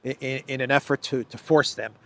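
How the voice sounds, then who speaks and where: A man's voice: medium pitch, steady tone, brisk, creaky, a bit bright. A man hosting a solo news commentary, talking in an emphatic, sarcastic way with frequent restarts. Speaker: political commentary host.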